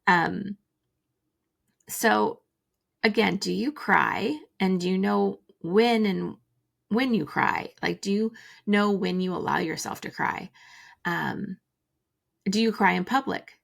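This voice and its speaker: Gentle musing woman with a creaky voice. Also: mid-range voice, slow pace, long pauses. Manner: gentle, musing, many fillers. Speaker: podcast host. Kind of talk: reflective solo talk.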